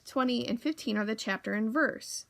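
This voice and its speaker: Woman doing sensible kid, reads stuff out slow and careful, bit creaky. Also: a little high, a bit bright.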